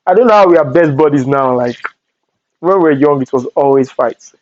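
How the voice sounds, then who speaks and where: Lively Nigerian young man telling stories. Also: on the high side, a little fast, muffled recording. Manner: animated storytelling with Pidgin asides. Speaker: vlogger. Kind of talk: storytime vlog.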